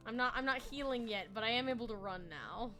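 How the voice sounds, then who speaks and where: A young woman in her twenties talks casually through a gaming stream, rambling and giggling as she goes. Her voice sits a bit high, and music plays quietly behind her. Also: animated, fast talker. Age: 20s.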